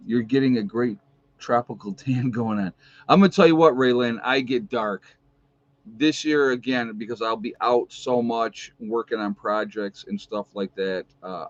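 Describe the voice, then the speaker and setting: A man's voice: no echo, dull audio. An American man chatting casually in a rambling livestream, full of fillers and restarts. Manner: high baby talk to his dogs. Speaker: vlogger.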